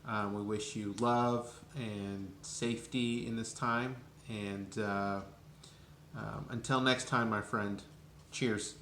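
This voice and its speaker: Slow, reflective man in an echoey room. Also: on the low side, fairly even intonation, fairly bright tone, slight background noise. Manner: reflective and hesitant, with many uhs. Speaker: friend giving a birthday message. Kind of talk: heartfelt video message.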